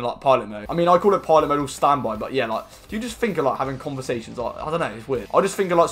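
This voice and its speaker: A young man giving casual, slangy commentary over a video game and breaking into loud, excited outbursts. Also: mid-range voice. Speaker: gaming YouTuber.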